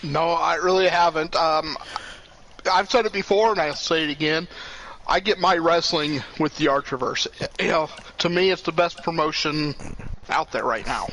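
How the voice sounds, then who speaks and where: A male co-host with a high, bright voice drops relaxed, offhand remarks into a casual stream chat. He sounds easygoing and conversational. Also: normal speed, slight background noise, rough recording.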